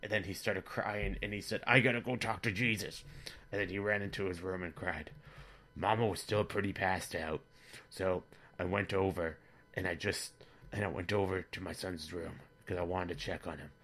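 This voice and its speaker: A man with a very low voice and a bright, forceful tone delivers a comic monologue as a father character. He rambles through it in a flat, matter-of-fact deadpan. He keeps a dry, plain delivery throughout. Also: normal speed. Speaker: comedy vlogger in character as a father.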